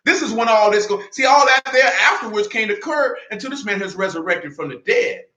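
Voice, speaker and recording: A high-pitched, bright-toned man preaching with fiery, confrontational street-talk energy. He reads scripture in a slower, lower voice. The sound rings in an echoey room. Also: lively intonation. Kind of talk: sermon.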